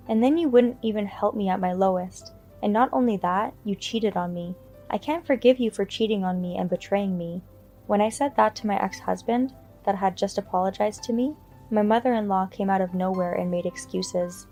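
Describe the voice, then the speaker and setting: A woman tells a first-person story in a calm, matter-of-fact way. Her voice is warm and mellow, with soft music underneath. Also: mid-range voice, moderate pace. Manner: even, matter-of-fact retelling. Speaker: story narrator.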